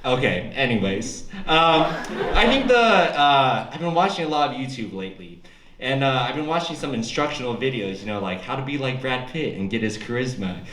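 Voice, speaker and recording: A man's voice: medium pitch, lively intonation, normal speed, a crowd in the background. A young man performing stand-up at a college open mic, with a loose, rambling delivery that breaks into shrieking character voices. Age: young adult. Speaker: stand-up comic. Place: college club stage. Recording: echoey room with loud audience.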